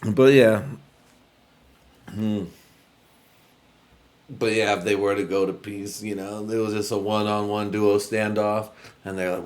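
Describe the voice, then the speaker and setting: A man's voice: lowish voice, normal speed, pauses often, darkish tone. Laid-back, profane man rambling. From United States. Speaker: podcast host. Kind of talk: casual rambling monologue.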